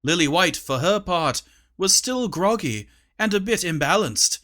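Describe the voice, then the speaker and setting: A man narrating a comic audiobook in a playful, animated way. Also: high-pitched, a little slow. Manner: animated, playful character voicing.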